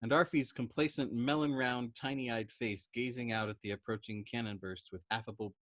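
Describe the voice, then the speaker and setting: A man with a mid-range voice reads a novel aloud as a storyteller. His reading is expressive and animated. The sound is dry and close, with no room echo. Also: mid-range voice, normal speed.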